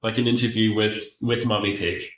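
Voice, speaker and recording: A man's voice: fairly low pitch, flat delivery, normal speed, fairly bright tone. A man hosting a casual chat, rambling with lots of fillers and restarts. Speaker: podcast host. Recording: echoey room.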